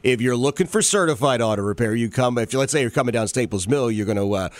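A man's voice: medium pitch, lively intonation, fast, dry recording. A man hosting a talk radio show in a studio, bantering and teasing his co-host in a jokey way. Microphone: studio mic.

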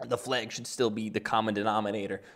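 A man's voice: lowish voice, level tone, fast, fairly bright tone. Sarcastic, rambling male commentator. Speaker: political commentator. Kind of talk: opinion commentary.

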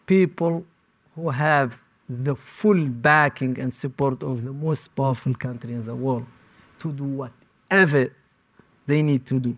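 A man giving personal testimony as an interviewee, speaking in short, halting phrases. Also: mid-range voice. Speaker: interviewee recounting detention.

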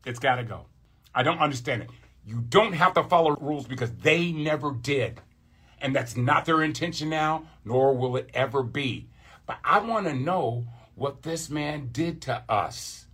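Heated high husky male podcast ranter. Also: expressive, moderate pace, fairly bright tone. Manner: heated, profane, emphatic repetition. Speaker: podcast host. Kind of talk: political rant monologue.

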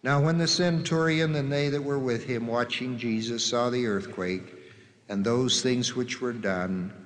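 Man, solemn measured scripture reading, mid-pitched, long hall reverb, faint background noise. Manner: slow, measured, solemn reading with drawn-out quotes.

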